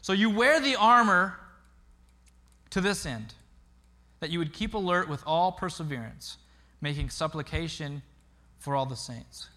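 Bright-voiced pastor preaching. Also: male voice, a little high, a little slow, pauses often. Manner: animated storytelling with repeated words. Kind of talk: sermon.

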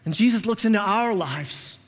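A male pastor giving a sermon in an animated, conversational way, often repeating words as he restarts. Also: high voice, normal speed. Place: church sanctuary. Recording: reverberant church sanctuary.

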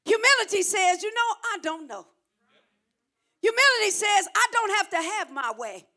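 A middle-aged woman pastor preaching a sermon, shouting in rhythmic repeated phrases and calling on the congregation to respond. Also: very high voice, expressive, normal speed.

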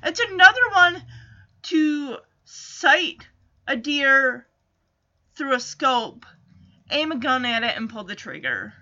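A woman's voice: sits high, sing-song, takes it slowly, pauses often, bright, forceful tone, dull audio. A woman hosting a casual recap, retelling a TV episode with chatty asides, tangents and self-corrections. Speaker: podcast host recapping a TV episode.

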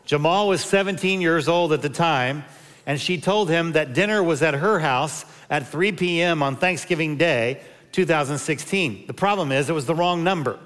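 A man's voice: on the high side, moderate pace, fairly bright tone, in a large hall. A man in his fifties, a pastor giving a sermon and telling humorous personal stories. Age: 50s. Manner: humorous storytelling with personal anecdotes.

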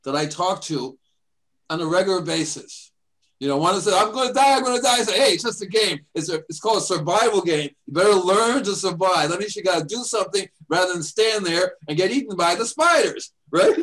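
An older man hosts a radio show, his voice sitting high and a bit bright on a low-quality recording. He chats casually and rambles through stories, acting out the voices of people in his anecdotes.

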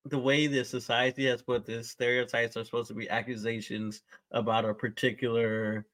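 A man's voice: mid-range voice, level tone, fairly bright tone. A man co-hosting a podcast in casual chat, thinking aloud and restarting his sentences as he makes his point. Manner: thoughtful, works through his point in halting restarts. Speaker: podcast co-host.

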